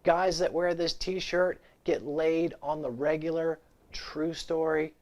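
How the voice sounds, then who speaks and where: A man hosts a casual guitar gear vlog from his home set. His voice sits a bit high, and he rambles through off-the-cuff, irreverent banter and wisecracks aimed straight at the camera. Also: unhurried, darkish tone. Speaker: guitar gear channel host.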